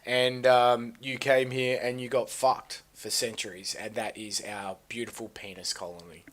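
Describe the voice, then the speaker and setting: A man's voice: mid-range voice, little pitch movement, moderate pace, a bit bright. A man with an Australian accent hosting a casual live stream, joking crudely and playing the showman. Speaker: stream host.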